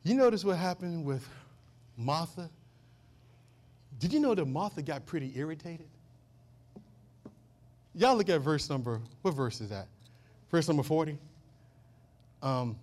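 High-voiced, dynamic male pastor preaching. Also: expressive, normal speed, long pauses. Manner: dynamic preaching, swinging from loud declarations to hushed asides; asks the congregation call-and-response questions. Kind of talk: sermon.

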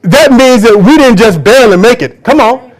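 High-voiced emphatic preacher man. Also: lively intonation, normal speed. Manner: emphatic preaching with call-and-response. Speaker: pastor. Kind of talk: sermon. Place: church before a congregation.

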